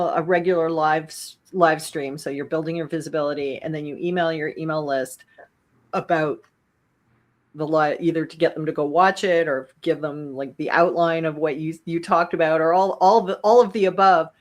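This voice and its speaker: Casual woman host, halting and chatty. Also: deep voice. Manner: casual, halting, many fillers and restarts. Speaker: podcast host. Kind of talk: conversational interview.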